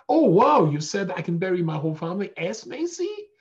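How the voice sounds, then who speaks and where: A man voicing an eager male patriarch bargaining for a burial place, excited and emphatic. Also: high-pitched, a little fast, dull audio, pitched above the performer's own voice.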